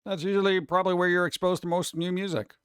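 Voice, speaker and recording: A man hosting a live stream and chatting casually with viewers, animated and loose, often slipping into mock voices. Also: high voice, quick pace, smooth, dry recording, studio quality. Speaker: streamer host.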